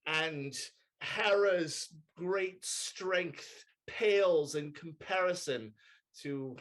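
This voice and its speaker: A man's voice: fairly high pitch, drawn-out words, fairly bright tone. A man playing a flustered, stammering lord mayor. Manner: stammering, with many uh's and restarts. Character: flustered young male lord mayor, flattering and hesitant. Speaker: improv stage actor. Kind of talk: improvised mock-Shakespearean stage acting.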